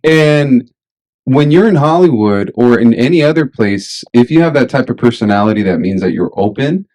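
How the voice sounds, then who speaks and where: A man's voice: mid-range voice, animated, normal speed, a little mellow, poor audio. Swearing guy chatting loosely. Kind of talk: casual podcast chat.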